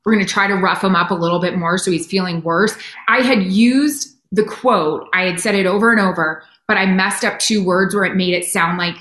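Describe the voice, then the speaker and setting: A middle-aged woman who works as a sideline reporter, telling animated, self-deprecating stories in a casual interview, talking in quick bursts with restarts. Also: medium pitch. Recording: roomy echo.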